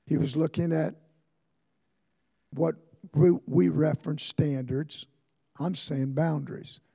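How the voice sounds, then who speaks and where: An older man preaching a sermon as pastor, telling stories and building to fervent shouts. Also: on the high side, creaky, slightly rough. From Ohio, USA. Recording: long hall reverb.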